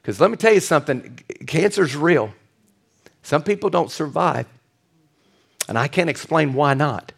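Male pastor, high voice, animated storytelling sermon, sometimes hushed and tender. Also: moderate pace, gravelly, pauses often, slightly rough. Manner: drops to a soft hushed voice for tender moments.

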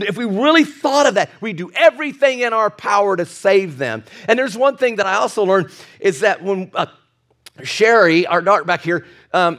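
A man's voice: high voice, fairly bright tone. A middle-aged male pastor preaching a sermon, earnest and repetitive, building to emphatic peaks and chuckling at his own asides.

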